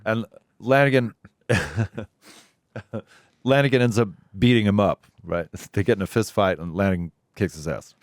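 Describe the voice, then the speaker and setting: Man, middle-aged, low smooth voice, dry close studio sound, casual storytelling. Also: normal speed, dry recording. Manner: laughing anecdotes, acts out quoted voices. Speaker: musician guest. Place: recording studio.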